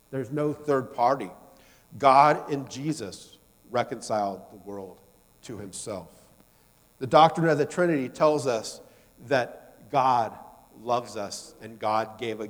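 A male preacher giving a sermon, telling a story with loud emphasis that drops to soft, low asides. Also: in a large hall.

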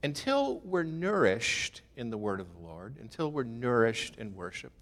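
A man gives a sermon in a relaxed, chatty manner, tossing rhetorical questions at the listeners. His mid-range voice trails a long reverb, as in a large church. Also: medium pitch, moderate pace. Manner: conversational, rhetorical questions, self-deprecating humor. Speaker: pastor.

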